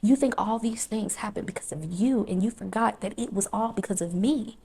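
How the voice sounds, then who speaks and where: A woman's voice: medium pitch, moderate pace, mellow, slightly rough. A woman voicing God as he rebukes a straying believer, emphatic and repeating phrases for weight. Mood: stern, rebuking.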